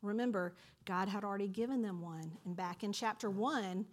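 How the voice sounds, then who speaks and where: A woman teaching from a Bible passage in a lively, conversational storytelling manner. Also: medium pitch, moderate pace.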